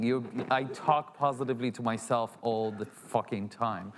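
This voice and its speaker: A man's voice: medium pitch, fairly even intonation, normal speed, noisy background. A man from Syria speaking on a convention panel, candid and joking at his own expense. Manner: joking, self-deprecating, candid. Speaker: panelist, author. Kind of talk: panel discussion. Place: convention hall.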